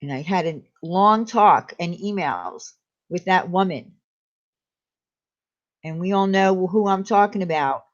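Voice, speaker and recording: A woman's voice: on the low side, measured pace, pauses often, muffled recording. A woman hosting a casual live chat with viewers, speaking candidly and confidingly and greeting them by name. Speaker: live stream host.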